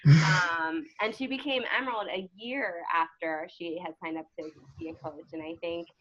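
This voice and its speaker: A woman's voice: fairly low pitch, normal speed. A woman hosting a team call, effusive and emotional, praising a guest with many fillers. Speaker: host and team coach. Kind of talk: casual talk on a team video call. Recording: dull lo-fi call audio.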